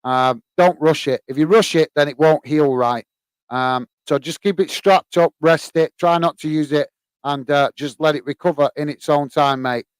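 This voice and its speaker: A man hosting a live football fan stream, reading out viewer comments and chatting back in a relaxed, rambling way full of fillers. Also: on the high side, moderate pace, smooth, no room sound. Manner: relaxed, chatty, many fillers, calls listeners mate. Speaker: host of a football fan channel.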